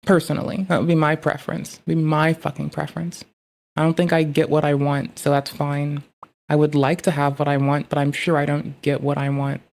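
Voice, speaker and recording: A woman's voice: low-pitched, little pitch movement, fairly quick, vocal fry, a little mellow. A woman streamer giving casual reaction commentary, rambling with profanity and sarcasm.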